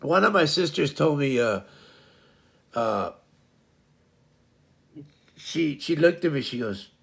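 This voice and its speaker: A man's voice: on the high side, lively intonation, takes it slowly, creaky. A middle-aged man hosting a casual livestream chat, rambling and stumbling over repeated words. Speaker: livestream host.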